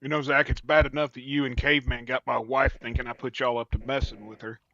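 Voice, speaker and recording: A man's voice: mid-range voice, flat delivery, fast talker, sharp tone, dull audio, slight background noise. A man live-streaming a game, chatting casually with crude, teasing banter and folksy slang. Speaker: streamer playing a fishing game.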